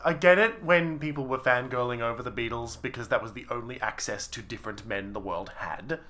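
A young man co-hosting a podcast, teasing his friend with blunt quick remarks in casual chat. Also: mid-range voice, bright, forceful tone. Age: young adult. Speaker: podcast co-host.

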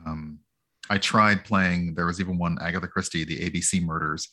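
Deep-voiced man, rambling chat. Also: moderate pace. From United States. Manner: rambling, self-deprecating, animated when amused. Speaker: guest streamer. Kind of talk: casual podcast chat.

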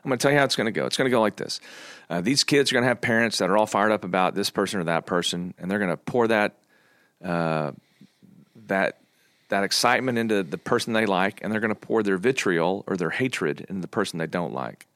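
Low-voiced middle-aged man, earnest. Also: fast, fairly bright tone, no echo, clean studio sound. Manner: earnest, joking, coaching tone. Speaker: church pastor, podcast guest. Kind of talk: casual podcast conversation.

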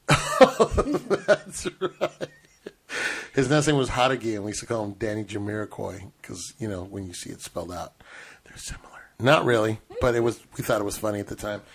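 A man's voice: on the low side, lively intonation, normal speed, slightly rough. A middle-aged man hosting a casual podcast chat, joking and rambling with frequent restarts. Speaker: podcast host.

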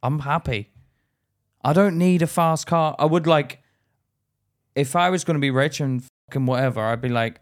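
A man co-hosting a podcast, chatting casually in a blunt, sweary way with quick stories. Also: on the high side. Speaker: podcast co-host. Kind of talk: casual chat.

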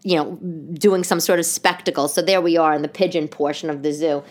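A woman's voice: low voice, fairly quick. A woman in her thirties hosting a casual solo podcast, rambling through stories and acting out other people's voices. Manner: animated, rambling storyteller who acts out voices. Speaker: podcast host.

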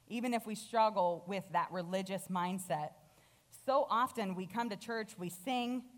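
A woman delivers a sermon as a guest speaker, her voice sitting at an ordinary middle pitch. She tells the story with animation and slips into the characters' lines as she goes.

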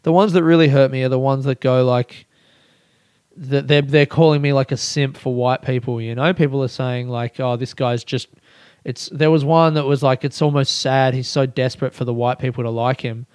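A young man, a comedian, rambling through a casual podcast monologue, swearing a lot and breaking into loud rants. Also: mid-range voice, fairly even intonation, normal speed, clear, resonant tone, dry recording, studio quality. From Australia. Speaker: stand-up comedian.

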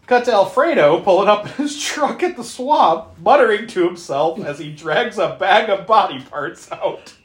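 A podcast co-host recapping a horror movie in casual chat, animated and profane, often laughing. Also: normal speed, hardly any pauses. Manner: animated, profane, laughing, with sudden pitch jumps. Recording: roomy echo.

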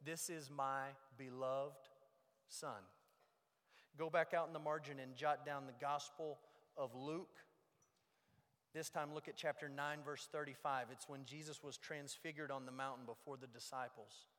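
Pastor guy giving a sermon, kinda high voice, gets loud then drops real low, big echoey church hall. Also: steady tone, moderate pace. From United States. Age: young adult or middle-aged. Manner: dramatic, swings from loud emphasis to hushed low lines. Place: church sanctuary. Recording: long reverb of a large hall.

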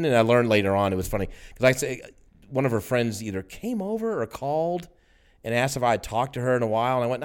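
A man's voice: medium pitch, lively intonation, fast talker, clean tone. A man in casual chat, telling a personal story in a rambling way with restarts.

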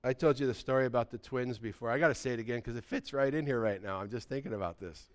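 A man preaching a sermon, asking his listeners pleading questions and telling stories with lively energy. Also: mid-range voice, quick pace. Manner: animated storytelling, pleading questions. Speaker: pastor.

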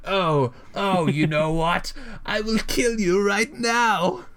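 A man's voice: high voice, fairly bright tone, voice pushed up. A man hamming up a manic clown villain. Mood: menacing. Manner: manic, drawn-out, theatrical menace. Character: deranged ranting male clown mascot villain. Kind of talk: comic reading in a put-on voice.

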